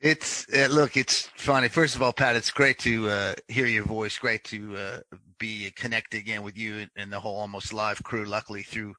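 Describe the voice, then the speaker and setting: A man's voice: lowish voice, fairly even intonation, normal speed, sharp tone, dry recording, low-quality recording. A middle-aged American man, a sports broadcaster, chatting casually as an interview guest in an upbeat, rambling way. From United States.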